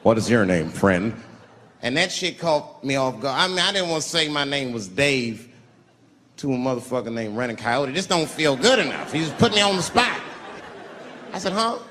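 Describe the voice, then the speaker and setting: A man's voice: mid-range voice, brisk. A male stand-up comedian telling a profane story in a swaggering way on a large live stage. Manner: profane, swaggering, jumps between loud and quiet. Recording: live stage with long reverb and audience noise.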